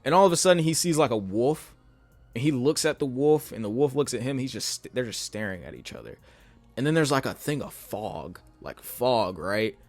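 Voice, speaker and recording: A man's voice: mid-range voice, big pitch swings, moderate pace. A man giving a casual spoken film review in a weary, rambling way, with many fillers and restarts. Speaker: YouTube movie reviewer.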